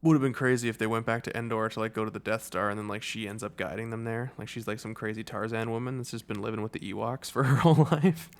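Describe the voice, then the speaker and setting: A man's voice: on the low side, fairly even intonation, quick pace, few pauses. Rambling, joking man. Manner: rambling, filler-heavy, jokey. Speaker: podcast co-host. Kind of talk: casual chat.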